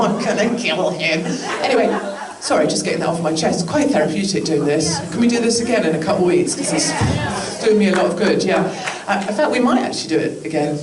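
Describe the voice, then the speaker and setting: A woman with a British accent gives a chatty, joking speech to a live audience. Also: fairly low pitch. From England. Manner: chatty, joking asides, acted quotes. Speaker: political speaker. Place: large indoor venue with an audience. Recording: echoey room from far off, crowd noise.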